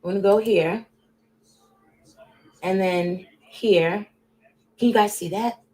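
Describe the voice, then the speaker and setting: A woman's voice: medium pitch, slow. Casual woman livestreamer, rambling and talkative, addressing chat directly, volume jumping between bursts and mutters. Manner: rambling, chatty, talks straight to chat viewers; drifts between loud bursts and muttered asides. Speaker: livestream host.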